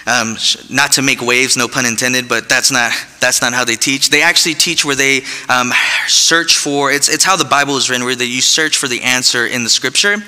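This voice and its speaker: A man's voice: mid-range voice, moderate pace, bright, forceful tone, smooth. A man preaching a sermon to his church, conversational and folksy with casual asides. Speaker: pastor. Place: church sanctuary. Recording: long hall reverb.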